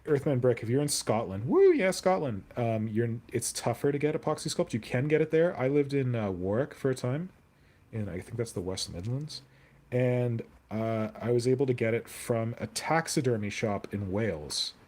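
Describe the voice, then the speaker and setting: A man's voice: mid-range voice, normal speed, darkish tone. A young man chatting casually on a live stream while he sculpts, rambling and answering viewer comments aloud.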